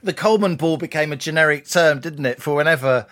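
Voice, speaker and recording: A man co-hosting a political podcast, talking in a wry, brisk, explanatory way. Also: on the high side, a bit bright. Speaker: co-host. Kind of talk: casual political podcast chat.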